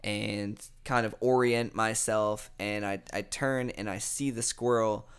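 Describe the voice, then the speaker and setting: A young man in casual podcast chat, telling a long story in a rambling, animated way with lots of fillers and swearing. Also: on the low side, measured pace, clean tone.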